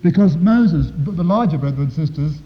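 A man preaching a sermon to his congregation, with dramatic, swelling emphasis and slow, drawn-out phrases. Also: a little high, animated. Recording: dull echoey hall recording.

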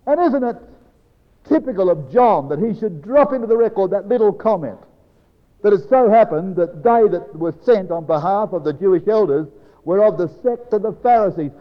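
A man preaching a Bible exposition to a congregation, slow and emphatic, dropping low and soft on key phrases. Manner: addresses congregation as brethren and sisters. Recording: dull lo-fi recording with long hall reverb.

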